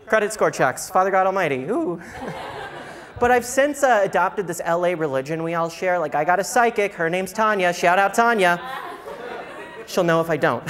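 A young man from a small Southern town does brash, campy, profane stand-up at a live comedy venue, his high-pitched voice moving at a moderate pace. Loud crowd laughter and noise fill the recording.

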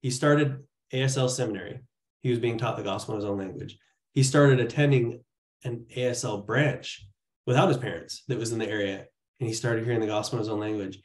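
A man's voice: mid-range voice, brisk, roomy sound. Earnest man presenting on a video call. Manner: earnest, storytelling, many restarts. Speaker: church training presenter. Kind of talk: casual training talk.

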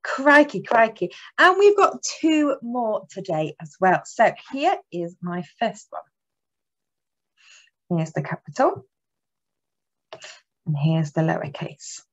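A woman teaching phonics to young children, lively and encouraging, sounding out letters slowly. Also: mid-range voice, low-quality recording. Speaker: early years teacher. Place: classroom or home table.

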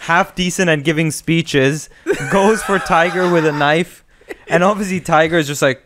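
A man's voice: a little high, moderate pace, noisy background. A man with an Austrian accent co-hosting a podcast, animatedly retelling movie scenes with laughs. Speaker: podcast co-host. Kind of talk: casual chat.

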